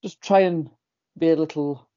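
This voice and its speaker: A man's voice: a little high, fairly even intonation, normal speed, warm tone. A man co-hosting a comedy podcast who laughs often during banter. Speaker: podcast co-host. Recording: dry lo-fi sound.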